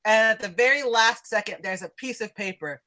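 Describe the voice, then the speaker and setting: A woman's voice: fairly high pitch, brisk, bright, forceful tone. A woman running a tabletop game as game master, narrating loosely with laughs and rambles.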